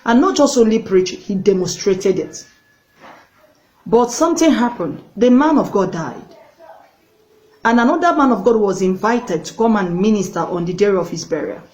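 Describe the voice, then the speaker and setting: A woman's voice: mid-range voice, animated, moderate pace, darkish tone, poor audio. A woman evangelist preaching a sermon, telling a story and urging viewers directly, repeating words for emphasis. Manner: earnest, directly addresses viewers.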